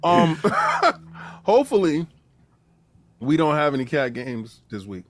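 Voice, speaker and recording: A man's voice: fairly high pitch, very animated, moderate pace. A man co-hosting a gaming podcast, joking and bantering in casual chat. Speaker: podcast co-host.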